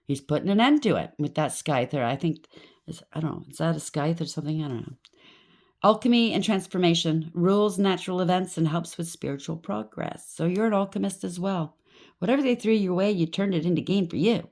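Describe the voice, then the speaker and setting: A woman's voice: fairly low pitch, fairly quick, a little mellow. A woman giving a tarot reading to her viewers, talking straight to them and checking in with a repeated "okay?", now and then acting out what others might say. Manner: addresses viewer directly, frequent "okay?" check-ins; acts out quoted voices with sudden rises. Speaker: tarot reader.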